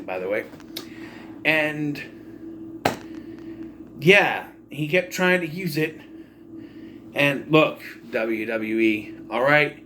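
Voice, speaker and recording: A man's voice: a little high, a bit bright, slight background noise. A man giving casual, sarcastic commentary as a wrestling vlogger, ranting with mock-announcer flourishes.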